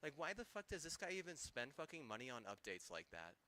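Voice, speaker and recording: A man's voice: fairly high pitch, very animated, fairly quick, sharp tone. A young man streaming a game, ranting heatedly with constant swearing and rambling restarts. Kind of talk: ranting live-stream commentary.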